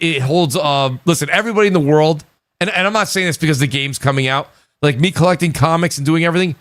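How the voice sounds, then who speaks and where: A talkative man with a New York accent runs a relaxed gaming panel. His voice sits a little high for a man. It comes through a close mic in a dry, dead room. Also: no room sound. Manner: animated, talkative, slips into quoted voices. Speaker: podcast host. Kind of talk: casual gaming panel chat.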